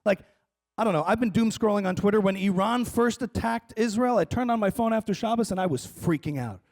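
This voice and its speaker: A male stand-up comedian works the crowd from a conference stage. He is wry and animated, with a high-pitched voice. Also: a little fast. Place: large conference hall stage.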